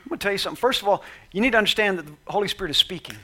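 A male pastor preaching with a high, bright and forceful voice. He is animated and conversational, and he leads the congregation in call-and-response. His delivery is lively and at times loud. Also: very fast. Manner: animated, conversational, acts out quotes. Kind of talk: sermon.

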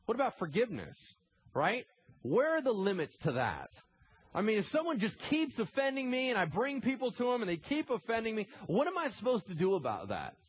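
A man's voice: high-pitched, wildly swooping pitch, a little fast, slightly rough, dull audio, voice pushed up, exaggerated voice. A man preaching who acts out a middle-aged male disciple bargaining and pleading with rising questions.

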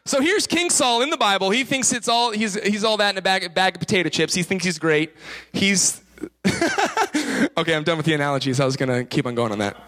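Chatty young preacher, slightly high voice. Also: male voice, pushed and bright. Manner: chatty, self-mocking, full of asides and laughs. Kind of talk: casual, joking sermon.

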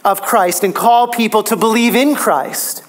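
A man preaching a sermon, emphatic, his pitch rising on key phrases. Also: a little slow.

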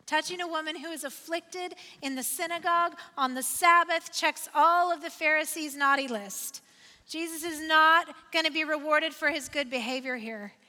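A woman's voice: sits high, normal speed, sharp tone, big-room sound. A woman pastor preaching a sermon, conversational and personal, building to emphatic repeated refrains.

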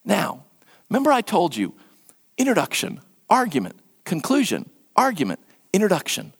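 A middle-aged preacher giving a conversational sermon, animated, full of rhetorical questions and wry humor. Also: mid-range voice, moderate pace, gravelly, slightly rough. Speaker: preacher teaching from scripture.

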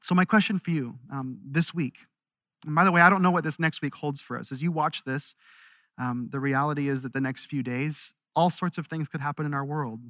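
A man preaching a recorded sermon as a pastor, earnest, rising with energy and then dropping to quiet, slow emphasis. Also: on the high side, no room sound, clean studio sound. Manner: earnest, builds up then drops to a hush.

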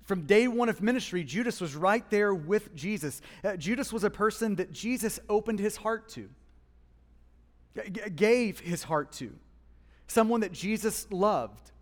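A man preaching a sermon as pastor, with passionate swings between hushed and loud emphasis, speaking in a church. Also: high voice, expressive, unhurried, long reverb tail. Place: church hall.

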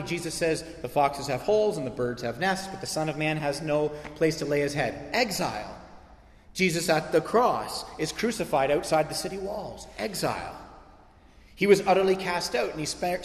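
Emphatic male preacher in echoey hall. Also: a little high. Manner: emphatic preaching with rising intensity and repetition. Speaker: pastor. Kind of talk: sermon.

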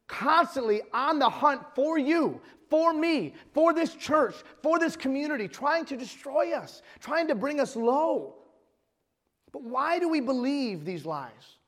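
A pastor with a high voice preaches a sermon, speaking emphatically and restarting phrases as he reads scripture. His voice rings out with a long reverb in a church hall. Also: a bit bright.

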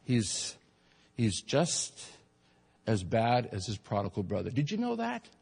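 A man's voice: medium pitch, fairly bright tone. A man preaching a sermon as pastor, talking conversationally to his congregation and building to emphatic peaks, with joking asides. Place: church sanctuary. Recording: long reverb of a large hall.

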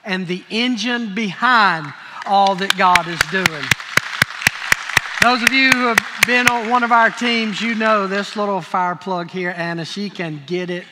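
A man's voice: high-pitched, unhurried, a crowd in the background, background noise. A man, the pastor, thanking a guest and encouraging the congregation to take a next step. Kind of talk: church announcements. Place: church sanctuary. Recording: long church hall reverb.

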